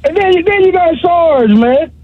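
Man calling in, very high pitched, husky, teasing banter, muffled phone sound. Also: animated, normal speed, no room sound. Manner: joking, teasing trash talk. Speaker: caller. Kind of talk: call-in radio banter. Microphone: phone line. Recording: dull phone line.

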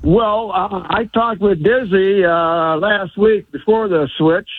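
A man calling into a radio show, halting and full of hesitations. His husky, fairly high voice comes through a tinny phone line. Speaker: caller.

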